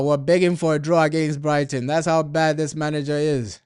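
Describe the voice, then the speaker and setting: Slightly high but darkish, his voice is clear and resonant, holding a steady tone at a normal speed with hardly any pauses. He's a man streaming a football watchalong, chatting casually in heavy slang and repeatedly venting his frustration at his team's manager as the match plays out.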